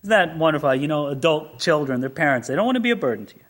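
A male pastor delivering a sermon in a high voice that swings widely in pitch. He leans on rhetorical questions and builds to emphatic peaks. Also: expressive, racing, hardly any pauses, fairly bright tone. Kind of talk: expository sermon.

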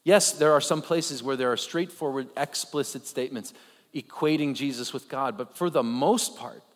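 A man preaching a conversational sermon, animated, with joking asides and rhetorical questions. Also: mid-range voice, normal speed. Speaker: pastor. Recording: long reverb of a large hall.

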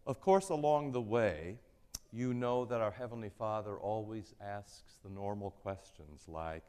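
A man preaching a sermon in a church, speaking gently and with measure, letting the ends of his phrases fall soft. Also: fairly low pitch, a little slow, smooth, big-room sound. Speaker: pastor.

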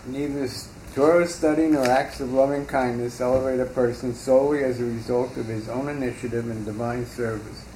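A man's voice: medium pitch, steady tone, brisk, few pauses, dark tone. Man reading aloud in an echoey room. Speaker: text reader in a class. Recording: roomy echo with faint background hiss.

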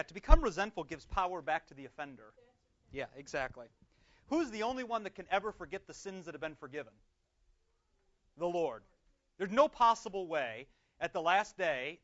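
A man, a pastor, teaches a Bible class in a lively, conversational way, putting questions to the group and slowing down to read prayers aloud. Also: sits high. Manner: lively, conversational, asks questions and answers them. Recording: dull lo-fi recording.

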